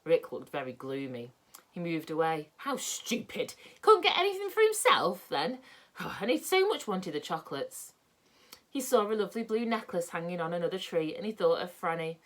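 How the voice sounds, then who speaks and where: A woman reading a children's book aloud in a lively, expressive way. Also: lowish voice, moderate pace. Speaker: storyteller.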